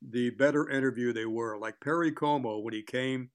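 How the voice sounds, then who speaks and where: An older man with a long career as a sports broadcaster tells chatty anecdotes during an interview, acting out what other people said. His voice is medium in pitch and moves at a normal speed.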